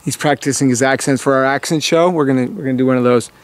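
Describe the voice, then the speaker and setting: A man's voice: mid-range voice, steady tone, fast. A man hosting a family vlog, narrating casually to the camera outdoors by a lake and joking along the way. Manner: jokey, chatty, talking to camera. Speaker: vlog host, dad. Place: outdoors by a small lake and marsh.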